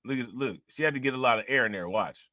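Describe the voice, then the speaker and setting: A man's voice: mid-range voice, fast talker, pushed and bright, no room sound. A man hosting a casual commentary show, reacting to news clips and talking straight to his viewers in a loose, repetitive way. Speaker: commentary channel host.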